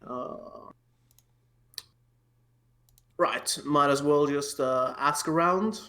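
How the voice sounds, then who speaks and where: A man's voice: on the high side, drawn-out words, bright, forceful tone. A man playing a tabletop game, talking casually and stumbling over his words. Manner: hesitant, stumbling over words, laughs often. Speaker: player.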